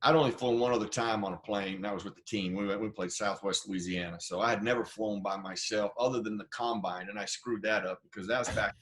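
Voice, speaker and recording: A middle-aged man from Idaho, a former football player telling stories from his career as an interview guest, animated and acting out the people he quotes. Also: fairly low pitch, quick pace, few pauses. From Idaho, USA. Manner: animated storyteller, acts out quoted voices. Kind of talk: casual storytelling interview.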